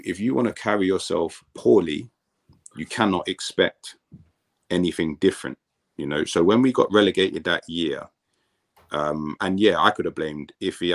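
Deep voiced ex footballer, laid back podcast chat, keeps repeating words as he gets going. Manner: relaxed storytelling, repeats words as he restarts. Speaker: guest, former professional footballer.

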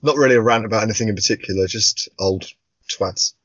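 A man in his forties co-hosting a podcast, telling stories in a casual, animated way, swearing and laughing often. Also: on the low side, fast talker, no echo. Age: 40s. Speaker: podcast co-host. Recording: dull, dry lo-fi sound.

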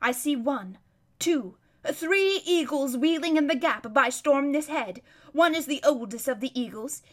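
A woman's voice: high-pitched, pushed and bright. A woman voicing an old male hermit who describes a distant battle as a vivid, emphatic running commentary. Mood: watchful.

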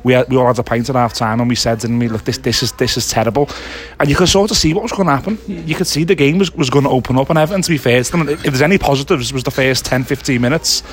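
A man co-hosting a casual post-match football reaction, giving brisk, opinionated analysis. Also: medium pitch. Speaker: football podcast co-host.

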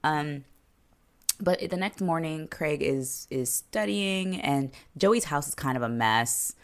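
Low, gravelly woman chatting casually. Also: animated, slow. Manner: rambling, filler-heavy, frequent "like", sarcastic asides. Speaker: podcast co-host recapping a TV episode. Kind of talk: casual chat.

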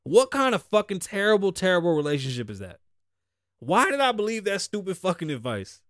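Man, podcast host, profane rant, fairly high voice, dry close sound. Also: sing-song, a little fast, no room sound. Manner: blunt, heavy cursing, swings between loud outbursts and low mutters.

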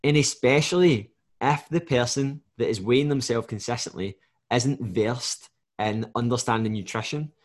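Blunt, sweary man coaching on fat loss. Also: medium pitch. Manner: blunt and swears freely, acts out clients' lines. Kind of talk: casual podcast chat.

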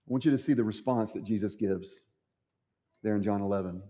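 A man's voice: on the low side, a little fast, warm tone, big-room sound. A man preaching a sermon as pastor, acting out the quoted voices with dramatic swings. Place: church sanctuary.

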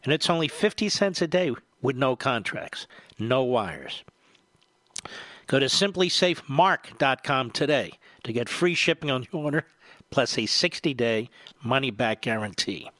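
A man's voice: mid-range voice, lively intonation, a little slow, fairly bright tone, dry recording. A man hosting a talk radio show, reading ads in an emphatic way while short of breath.

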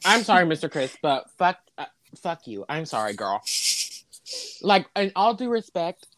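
A man's voice: very animated, moderate pace, a bit bright, no room sound. A young man co-hosting a podcast, talking in sassy, dramatic casual chat. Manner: sassy, dramatic, swings pitch widely. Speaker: podcast co-host.

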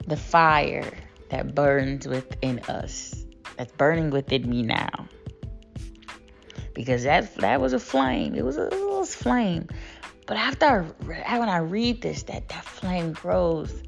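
Deep-voiced lady, gravelly, doing pumped-up affirmations over faint music. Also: lively intonation, slow. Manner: declamatory, emphatic, then casual and preachy. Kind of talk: spoken affirmations and encouragement.

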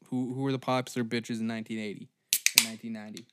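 A man hosting a comedy podcast, delivering a profane, mocking, angry rant that swings between shouting and muttering. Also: medium pitch, little pitch movement, racing, very noisy.

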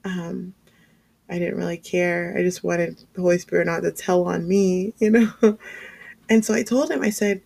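A woman giving a sermon-style testimony, telling her story in a lively way with frequent laughs and fillers. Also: fairly low pitch, moderate pace, creaky. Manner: animated storytelling, laughs often, many fillers. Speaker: speaker sharing testimony.

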